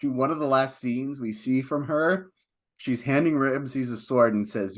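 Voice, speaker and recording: A man co-hosting a film podcast, talking casually and at length, getting animated when he retells scenes. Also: medium pitch, a little slow. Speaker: podcast co-host.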